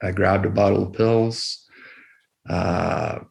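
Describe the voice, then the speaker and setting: A middle-aged man, an emergency physician, telling a personal story as a podcast guest in a quiet, measured way with many pauses. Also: deep voice, steady tone, creaky.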